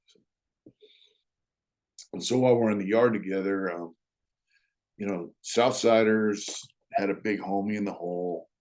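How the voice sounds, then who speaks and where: A middle-aged man with a slightly low voice tells old prison stories in a relaxed, unhurried way. His talk is blunt and full of street slang, with "you know" and "uh" everywhere and small chuckles in between. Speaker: storyteller, former prisoner. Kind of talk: casual storytelling.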